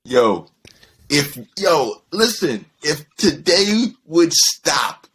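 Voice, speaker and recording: A young man, co-host of a podcast, chatting casually and telling animated stories with lots of swearing. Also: fairly high pitch, very slow, breathy edge. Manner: animated storyteller, mimics people in quotes, swears freely. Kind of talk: casual chat.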